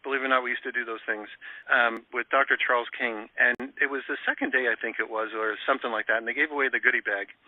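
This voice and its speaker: A man's voice: mid-range voice, fairly even intonation, quick pace, dry recording. A man hosting a live radio show, telling a story casually and rambling, with lots of fillers and restarts. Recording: tinny phone-line sound, dry.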